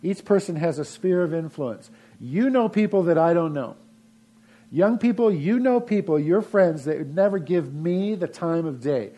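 A man preaching to his congregation in a relaxed, folksy manner, often restarting his sentences as he goes. His voice sits a little high for a man but sounds warm and mellow. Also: moderate pace. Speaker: pastor. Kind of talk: sermon.

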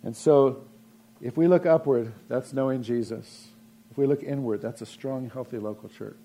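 Mellow-voiced pastor preaching conversationally. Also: male voice, medium pitch, moderate pace. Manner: folksy, conversational preaching with frequent restarts. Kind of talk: sermon.

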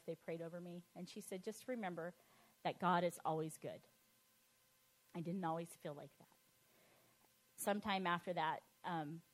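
A middle-aged woman with a fairly low voice shares her personal testimony in a lively, animated way. She laughs often and acts out the voices of the people she quotes.

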